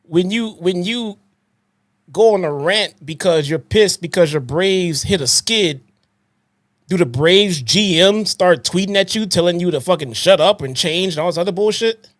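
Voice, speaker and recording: A man's voice: high voice, moderate pace, dry recording. A man co-hosting a podcast, lecturing emphatically and swearing as he argues his point. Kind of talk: heated podcast rant.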